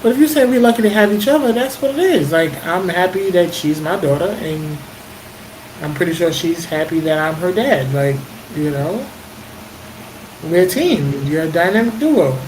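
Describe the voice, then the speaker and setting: A man's voice: high-pitched, animated, normal speed. A man co-hosting a casual podcast, giving emphatic, opinionated comments. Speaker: podcast co-host. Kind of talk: casual chat. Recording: echoey room with faint noise.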